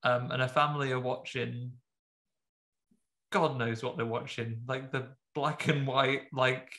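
A man in a casual film podcast, recapping scenes with a rambling, joking flow full of "like" and "um". His voice is of ordinary pitch with a gravelly fry. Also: flat delivery, measured pace, sharp tone. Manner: rambling, filler-heavy, jokey. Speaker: podcast host. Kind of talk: casual film review chat.

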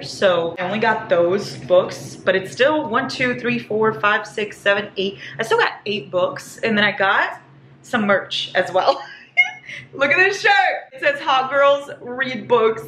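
A woman vlogging a casual haul, gushing and excitable, squealing over each item. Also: medium pitch. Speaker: book vlogger. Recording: echoey room with faint hiss.

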